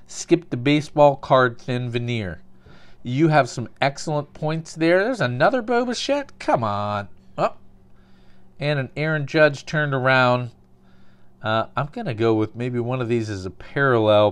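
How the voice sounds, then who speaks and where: A man's voice: mid-range voice, normal speed, clear, resonant tone. A man casually narrating a card opening, calling out cards and telling dry, absurd little stories between pulls.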